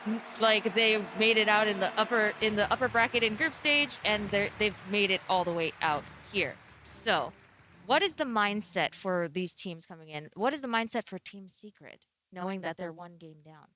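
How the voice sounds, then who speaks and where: A woman hosting an esports analysis desk, upbeat and quick to laugh as she hands questions to her panel. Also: medium pitch, pushed and bright. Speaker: desk host.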